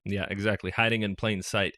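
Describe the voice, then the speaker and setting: A man's voice: on the low side, little pitch movement, brisk, pushed and bright, no room sound, studio quality. A man hosting a fan podcast, chatting thoughtfully about a TV show with some hesitant restarts. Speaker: podcast host. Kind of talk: casual fan podcast chat.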